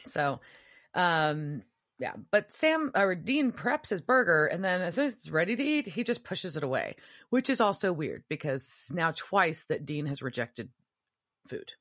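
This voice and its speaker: Low-voiced woman recapping a TV episode. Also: very animated, measured pace, a bit bright. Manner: retells scenes acting out quotes. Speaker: podcast co-host. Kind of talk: casual recap chat.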